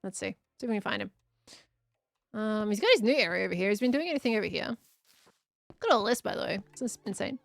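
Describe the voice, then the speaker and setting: A woman's voice: medium pitch, lively intonation, fast, gravelly, pauses often, no echo. A woman chatting casually with her live chat while she plays, thinking aloud as she goes. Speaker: streamer.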